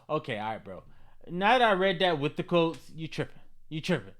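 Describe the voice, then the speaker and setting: A man reacts to viewer comments in loose, slangy commentary, swinging from low, easy asides to bursts of mock outrage. His voice sits fairly high for a man and is bright and forceful. His delivery is lively and comedic. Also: brisk. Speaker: vlog host reading comments.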